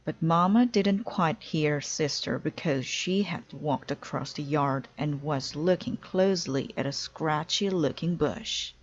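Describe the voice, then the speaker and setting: A woman reading a children's storybook aloud in a clear, deliberate storytelling way. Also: low-pitched, lo-fi sound. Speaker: storybook reader. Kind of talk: children's read-aloud narration.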